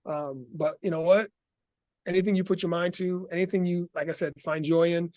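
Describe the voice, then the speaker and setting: A middle-aged man as an interview guest, telling his story in an animated, laughing way. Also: high-pitched, brisk, no echo.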